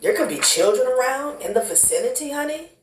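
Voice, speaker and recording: A woman's voice: sits high, big pitch swings, brisk, background noise. A woman doing a casual tarot reading, blunt and profane, who calls the listener honey and child. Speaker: tarot card reader. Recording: echoey room.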